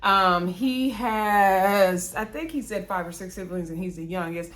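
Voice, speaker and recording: A woman giving a casual, chatty recap of a reality TV episode, full of sassy asides and big swings in pitch. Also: measured pace, a bit bright.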